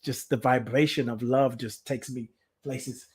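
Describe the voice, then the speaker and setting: A man's voice: mid-range voice, fairly even intonation, a little slow, darkish tone, breathy edge. A man hosting a spiritual talk show, speaking from the heart in an emotional, repetitive way and reading out listener comments. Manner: heartfelt, emotional, repeats himself. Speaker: podcast host.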